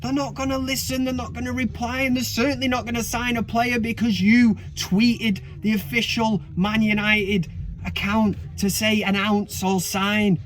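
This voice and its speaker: High-voiced sweary Manchester man. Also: level tone, moderate pace, fairly bright tone. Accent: Mancunian. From Manchester, England. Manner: sweary, sarcastic. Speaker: football fan vlogger. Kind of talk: casual ranting commentary.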